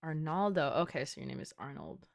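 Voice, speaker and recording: A woman's voice: low-pitched, a little fast, gravelly. Chatty playful young woman streamer. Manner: chatty and playful, teasing her chat, frequent "like". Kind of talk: casual live-stream chat.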